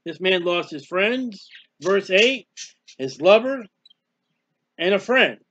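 A man giving a personal devotional talk as a preacher, emotional and halting, sometimes crying out in prayer. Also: high voice, expressive, a bit bright, dull audio.

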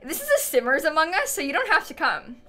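A young woman streams a racing game from home, her voice bright and fairly high. She talks in a lively, swooping way, playful and teasing with big dramatic outbursts. Faint music plays underneath. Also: quick pace. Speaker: streamer host. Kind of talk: casual chat while gaming.

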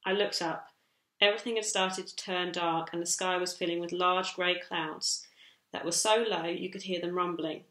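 A woman teacher reading a children's chapter book aloud in a steady storytelling manner. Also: lowish voice, normal speed, echoey room. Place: school room.

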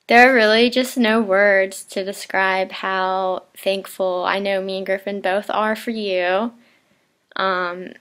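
A woman's voice: medium pitch, a bit bright, clean tone. A young woman talking casually in a heartfelt video message to her mother, rambling a bit with fillers and small laughs.

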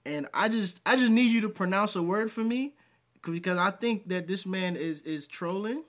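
A man hosting a casual reaction video. He talks excitably, swears, and breaks into loud laughter. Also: sits high, moderate pace. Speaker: video host.

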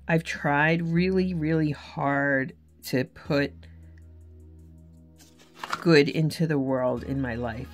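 Woman faith vlogger, deep voice, sincere and candid, talks casually and corrects herself as she goes. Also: gravelly. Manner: earnest, candid, self-correcting. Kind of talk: casual devotional vlog talk.

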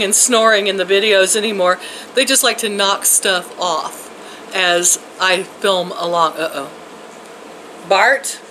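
A woman's voice: medium pitch, a bit bright, a little hiss or hum, low-quality recording. Chatty folksy older woman. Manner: chatty, folksy, laughs often, talks to her pets. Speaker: vlogger. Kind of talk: casual chat to viewers. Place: home, indoors and out in her yard.

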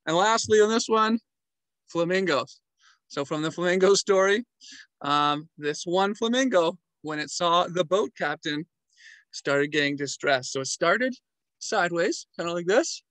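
This travel vlogger's voice leans a bit high as he spins casual, animated stories from his travels. He mimics the animals' noises and motions as he narrates. There's no room echo; the sound is dry and close-up.

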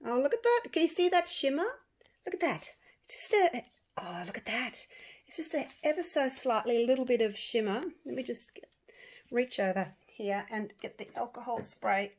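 A woman who runs a resin craft channel, chatting to viewers in an excitable, gushing way while she works. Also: medium pitch. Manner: excitable, gushing, talks to viewers as you guys. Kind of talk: casual chat while crafting.

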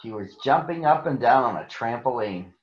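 A man reading a picture book aloud to children in a gentle, expressive way. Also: medium pitch, normal speed. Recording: echoey, muffled room recording.

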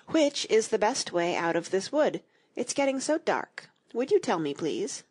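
A woman's voice: mid-range voice, sing-song, a little slow, darkish tone, breathy edge, pitched above the performer's own voice. A woman voicing Alice, a polite, earnest young girl in a storybook reading.

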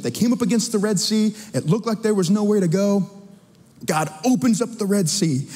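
A man delivering a church sermon, his voice pitched high for a man. He preaches in an animated, conversational way, teasing and questioning the congregation. The sound carries a long reverb from a large church hall. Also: slightly rough. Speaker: pastor. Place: church sanctuary.

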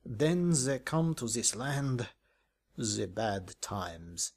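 An actor playing a decrepit old castle guide with a hoarse, wheezing voice, speaking in slow, halting broken English. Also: male voice, medium pitch, very animated, exaggerated voice. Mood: ominous.

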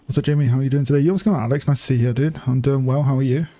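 A fairly even intonation and a warm, medium-pitched voice mark this young male gaming streamer, who speaks rapid-fire on a dry recording. He chats, swears casually and laughs frequently while streaming a bike game live.

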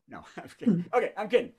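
Male comic host, video call, lively swinging delivery, self-amused. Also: extremely high pitch. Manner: jokey, laughs at his own jokes, chats with the audience. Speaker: comedy show host. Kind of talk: stand-up monologue on a video call.

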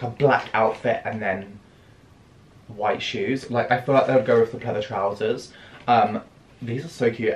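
A man's voice: medium pitch, slight background noise. Young British man, fashion vlogger, gushy and theatrical, echoey room with faint ambience behind. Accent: British English. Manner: gushing, theatrical gasps and squeals. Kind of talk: casual haul video chat.

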